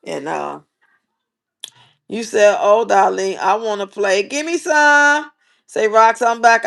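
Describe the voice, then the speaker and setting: A woman's voice: medium pitch, gravelly. A middle-aged woman hosting a casual livestream, chatting playfully and reading viewers' comments aloud. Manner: lively, playful, talks straight to viewers. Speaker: livestream host.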